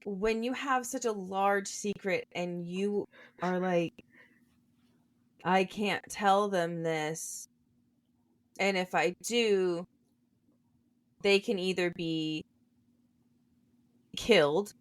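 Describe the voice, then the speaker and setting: A woman's voice: mid-range voice, drawn-out words, pauses often, no room sound. A young woman co-hosting a podcast, chatting casually about a book and thinking her points through aloud. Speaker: podcast co-host.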